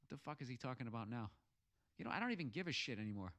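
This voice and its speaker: A man's voice: medium pitch, very animated, rapid-fire, fairly bright tone. An American man hosting a podcast, ranting sarcastically and swearing heavily while reading out listener messages. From United States. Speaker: podcast host. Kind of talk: profane comic rant reading listener messages.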